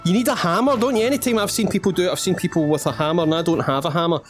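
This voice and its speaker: Racing along in a high voice over soft background music, a Scottish gaming channel host plays through a let's-play. His commentary is playful, full of rambling self-mockery and asides aimed at the viewer.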